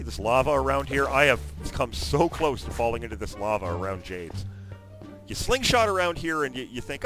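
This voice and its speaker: A man giving chatty, excitable commentary on his own video game session, breaking into loud exclamations now and then. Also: mid-range voice, moderate pace. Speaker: gaming video host. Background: background music.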